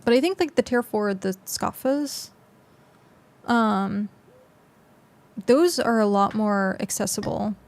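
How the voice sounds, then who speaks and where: Chatty young woman streamer, gravelly edge. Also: medium pitch, animated, a little slow. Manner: chatty, rambling, lots of fillers. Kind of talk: casual gameplay commentary.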